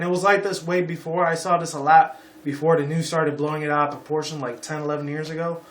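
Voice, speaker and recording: In a roomy-sounding clip, a twentysomething YouTuber from Las Vegas, Nevada rants through his opinions on a vlog, swearing, rambling, and saying "you know" again and again. His voice is fairly high and a bit bright.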